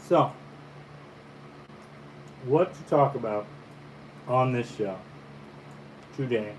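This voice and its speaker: A man from the Caribbean, a painter, chatting casually over breakfast in a relaxed, musing storytelling way. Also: medium pitch, drawn-out words, rough recording. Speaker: painter and vlogger. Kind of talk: casual breakfast vlog chat. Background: faint fan hum.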